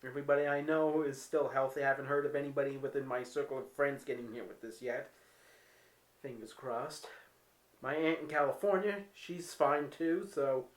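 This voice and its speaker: A man's voice: mid-range voice, fairly even intonation, normal speed. Wry, candid man in a roomy room. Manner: wry, candid, self-mocking humor. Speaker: vlogger. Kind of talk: casual home vlog storytelling.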